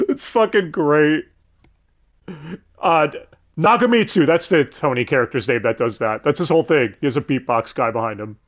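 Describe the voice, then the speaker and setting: Animated, swearing male host. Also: fairly high pitch, normal speed. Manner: animated, swears freely, laughs often. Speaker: podcast host. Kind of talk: casual livestream chat.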